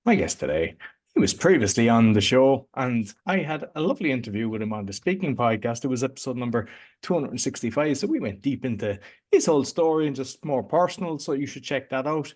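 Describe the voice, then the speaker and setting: A man's voice: mid-range voice, sing-song, a little fast, a little mellow. A man with an Irish accent hosting a podcast, talking in a chatty, rambling, informal way. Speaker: podcast host. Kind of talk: casual interview chat.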